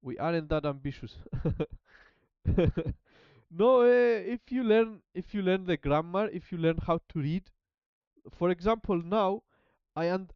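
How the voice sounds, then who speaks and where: A man chatting casually as a language-learning streamer, halting and repeating words while he searches for them. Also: a little high, clean tone, no room sound, lo-fi sound. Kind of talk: casual rambling chat.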